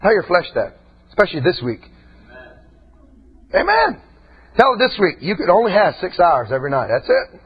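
A raspy-voiced preacher man delivers his sermon in a high, very animated voice that leaps into shouts and sinks into low asides. The recording sounds dull and lo-fi, with the top end muffled. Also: moderate pace, long pauses. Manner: impassioned, swings between shouting and low asides.

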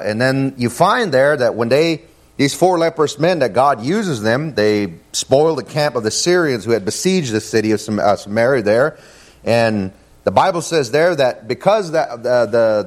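A middle-aged man preaching a sermon, folksy and full of fillers, his pitch rising as he reads scripture.

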